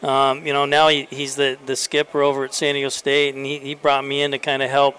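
Smooth-voiced man telling a coaching story. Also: medium pitch, fairly quick, poor audio. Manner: animated storyteller, many fillers and restarts. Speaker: college baseball coach, guest. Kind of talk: casual storytelling interview. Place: convention floor.

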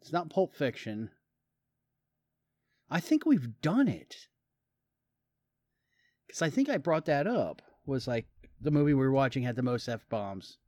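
A man's voice: mid-range voice, very animated, a little slow, long pauses, darkish tone, no echo, clean studio sound. A man chatting casually with a friend about a movie, joking and rambling, often restarting his sentences. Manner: joking, rambling, self-interrupting. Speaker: podcast co-host watching a movie. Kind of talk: casual chat.

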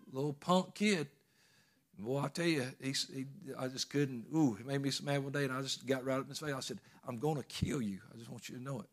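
A man preaching a sermon in a folksy, emphatic storytelling way. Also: medium pitch.

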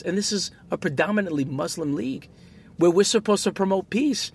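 A man co-hosting a casual podcast conversation, an animated storyteller who acts out the people he quotes. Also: sits high, fast talker, vocal fry, slight background noise. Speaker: podcast co-host, basketball referee.

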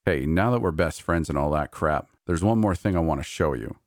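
A man voicing a gruff, blunt male coworker in a horror story, speaking curtly and swearing. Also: extremely low pitch, lively intonation, fairly quick, no echo, clean studio sound. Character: gruff, wary male park manager.

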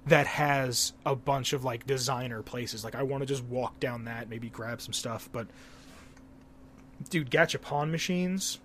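A young man from Pennsylvania co-hosting a casual podcast, rambling and excitable and swearing a lot. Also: medium pitch, unhurried, slight background noise. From Pennsylvania, USA. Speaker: podcast co-host.

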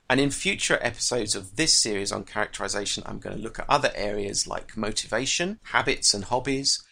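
A man hosting a podcast lesson on writing craft, explaining in a measured way. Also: mid-range voice, vocal fry, bright, forceful tone. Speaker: writing teacher and podcast host.

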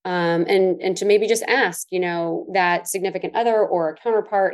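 A woman co-hosting a casual podcast. Her voice sits a little low for a woman. She tells stories and chimes in with easy agreement. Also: moderate pace, darkish tone. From Southern US. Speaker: podcast co-host. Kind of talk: casual chat.

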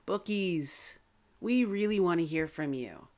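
Low-voiced woman reading a pleading promo. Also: lively intonation, measured pace, a little mellow. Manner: pleading, sing-song appeal to listeners. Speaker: podcast announcer. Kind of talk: scripted promo read.

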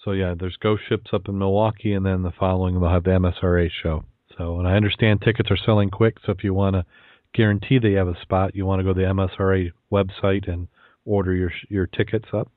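A man hosting a podcast, chatty and quick to laugh, repeating words as he goes, between casual chat and telling jokes. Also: deep voice, flat delivery, no room sound. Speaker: podcast host. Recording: tinny phone-like line.

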